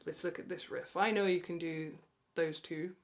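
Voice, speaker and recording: A woman teaching guitar online, talking warmly and counting the beats aloud while she plays. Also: lowish voice, fairly even intonation, moderate pace, slight background noise. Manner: encouraging, counts aloud, chuckles at herself. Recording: loud guitar under the voice. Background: guitar playing.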